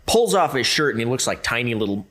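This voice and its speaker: A man telling a story as a podcast guest, lively and acting out the other people in it. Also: medium pitch, fast talker. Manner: lively, acts out the other people in his stories. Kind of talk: casual storytelling.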